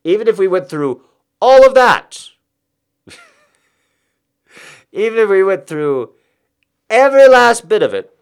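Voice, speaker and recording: A man's voice: mid-range voice, smooth. A man hosting a podcast, delivering a rambling, confessional, self-mocking comic monologue.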